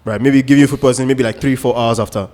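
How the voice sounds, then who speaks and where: A man's voice: mid-range voice, steady tone, rapid-fire, a little mellow, long reverb tail. A man, co-hosting a casual podcast chat and explaining his views through examples and asides. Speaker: co-host.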